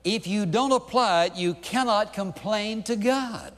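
A man's voice: sits high, measured pace, fairly bright tone, in a large hall. A male pastor preaching a sermon in an emphatic way, pressing his points with repeated rhetorical questions.

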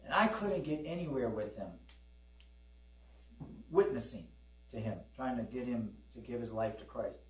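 At a church service, a middle-aged man preaches conversationally, calling for amens and acting out dialogue as he tells stories. His mid-range voice moves at a moderate pace with long pauses, and the recording is roomy and distant from the mic.

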